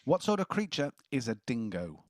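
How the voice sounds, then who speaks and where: A man's voice: medium pitch, very animated, moderate pace, darkish tone, dry recording, studio quality. A man hosting a casual quiz, reading questions and joking between answers. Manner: jokey, chuckling as he reads questions. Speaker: quiz host.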